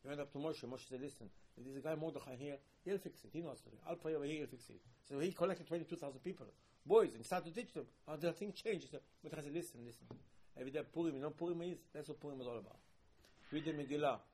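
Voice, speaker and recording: A man delivers a sermon in a husky, rather high voice. He tells his stories with lively swings, doubling up phrases and breaking into loud emphatic bursts. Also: fast talker. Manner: animated storytelling with emphatic repeats and loud bursts. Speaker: rabbi teaching.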